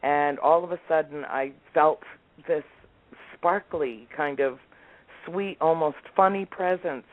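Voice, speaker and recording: Speaking slowly in a deep voice, a woman in her sixties tells family stories as a remote interview guest, bringing them to life by acting out what her relatives said. Her phone-line audio is tinny and dry.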